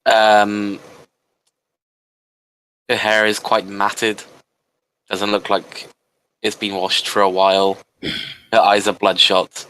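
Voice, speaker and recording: Game master, a man narrating a tabletop session, low voice, bright edge. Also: completely flat delivery, takes it slowly, long pauses, smooth, low-quality recording. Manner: descriptive, with frequent restarts and fillers.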